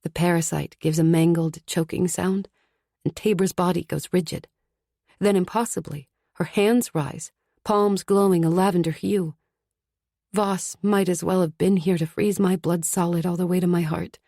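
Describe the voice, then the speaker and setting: A woman's voice: on the low side, steady tone, normal speed, gravelly, dark tone, dry recording, clean studio sound. A woman narrating a fantasy audiobook in the first person, tense and urgent. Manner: tense, urgent inner monologue.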